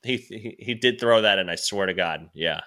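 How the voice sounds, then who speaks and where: A man with a low-set voice and a bright, forceful tone tells stories in a loose podcast chat. He rambles, restarts his sentences, swears freely and laughs through his own stories. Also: normal speed. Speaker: stand-up comedian guest.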